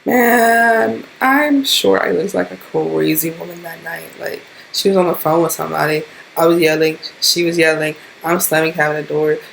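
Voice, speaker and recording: A woman's voice: sits low, steady tone, moderate pace, vocal fry, hardly any pauses, a little hiss or hum. A young woman vlogger animatedly telling a profane storytime tale to her camera. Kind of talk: storytime vlog.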